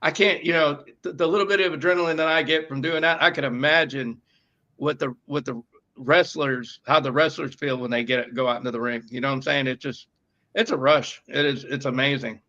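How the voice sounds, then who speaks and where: A man's voice: mid-range voice, fairly even intonation, brisk, sharp tone. A man with a New York accent, co-hosting a casual podcast chat, rambling with many fillers and restarts. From northeastern United States. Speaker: podcast producer and co-host. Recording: dull lo-fi sound.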